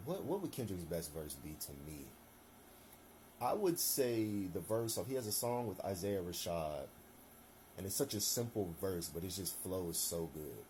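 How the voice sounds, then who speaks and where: Young guy riffing on music alone, low voice, kinda dark tone, faint hum behind. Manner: rambling, loose, slangy, many fillers. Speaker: solo commentator. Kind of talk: casual opinion monologue.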